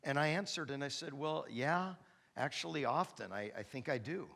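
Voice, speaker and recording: A man in his fifties preaching in a church, with a gravelly edge and a slightly high voice. He tells stories with lively animation and bursts into comic, shouted asides. His tone is bright and forceful. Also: moderate pace. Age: 50s. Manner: animated storyteller, acts out dialogue with big comic outbursts. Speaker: pastor. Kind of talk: sermon. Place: church sanctuary.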